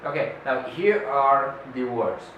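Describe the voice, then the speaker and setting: A man teaching a classroom pronunciation lesson, speaking deliberately, pausing with "uh" and repeating each model word. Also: mid-range voice, muffled recording. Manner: slow, deliberate, with many "uh" pauses and repeated model words. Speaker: English teacher. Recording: echoey room, voice far from the mic, faint noise.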